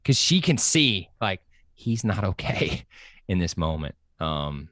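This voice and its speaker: Excitable man, slightly low voice. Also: no echo, studio quality. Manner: excited, fast-running enthusiasm with many fillers. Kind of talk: casual podcast chat.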